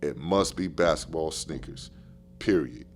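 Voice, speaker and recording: A man who coaches basketball, telling stories on a podcast in a casual, animated, slangy way and repeating phrases for emphasis. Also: extremely low pitch, measured pace, slightly rough.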